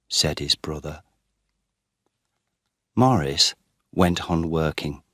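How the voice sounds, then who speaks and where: A man reading a story in slow, clear, expressive scripted narration for English learners. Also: deep voice, no room sound, studio quality. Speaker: story reader.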